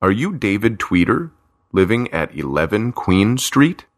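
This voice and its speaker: A man's voice: fairly low pitch, big pitch swings, measured pace, dry recording, studio quality. Guy putting on a bossy mystery lady on the phone, urgent, storybook. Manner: urgent, commanding. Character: strange woman on the phone, urgent and commanding.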